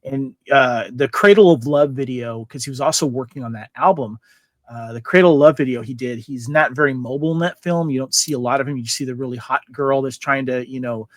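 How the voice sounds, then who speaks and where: A man's voice: medium pitch, a little fast, no echo. A man co-hosting a casual fan podcast, rambling through trivia with many fillers and restarts. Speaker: podcast co-host.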